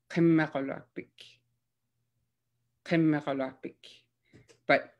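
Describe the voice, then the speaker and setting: Slow, gentle young woman teaching. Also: low voice. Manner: gentle, hesitant, many fillers. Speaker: throat singing teacher. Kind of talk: casual spoken lesson with demonstrations.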